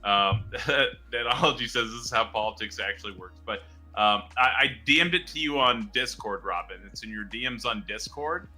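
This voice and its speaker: A man's voice: fairly low pitch, bright, forceful tone, soft background music. A man hosting a debate livestream, talking casually with many fillers and restarts. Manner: halting, filler-heavy, repeats words. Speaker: stream host and moderator.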